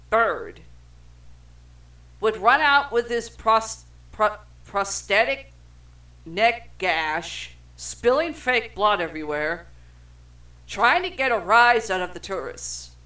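Slow, bright-voiced profane trivia reader. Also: medium pitch, expressive. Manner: profane, stumbles over words while reading. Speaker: podcast co-host reading trivia. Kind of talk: casual chat reading film trivia aloud.

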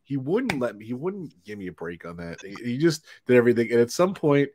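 Guy hosting a live stream from home, super animated, laughs a lot, voice jumps up and down. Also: medium pitch, fairly quick, background noise. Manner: animated, laughing often, chatty. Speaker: livestream host. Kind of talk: casual chat, wrapping up a live stream. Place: home in New York.

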